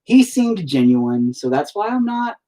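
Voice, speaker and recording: A man's voice: high voice, big pitch swings, a little slow, dark tone. A man talking to his live stream viewers while painting, in a candid, profane and self-deprecating ramble. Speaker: artist livestreaming while painting. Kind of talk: casual rambling chat. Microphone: laptop mic on a live stream.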